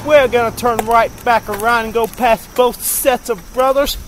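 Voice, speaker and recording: Out in his car at night, a man vlogs in a crude, profane, rambling manner while night insects and road noise sound in the background. His very high-pitched voice holds a steady tone at normal speed, and the recording is low quality.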